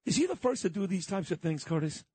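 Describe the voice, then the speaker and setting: Brash husky New talk host. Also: male voice, high voice, sing-song, fast, mellow, no room sound. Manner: brash, teasing, blunt and profane. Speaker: radio talk show host. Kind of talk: casual chat.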